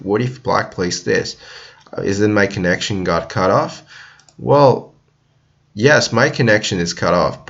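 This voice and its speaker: A man's voice: lowish voice, a bit bright, muffled recording. Chatty man analyzing a board game. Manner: chatty, many fillers and restarts, acts out players' thoughts. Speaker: Go game commentator. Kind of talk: casual game analysis commentary.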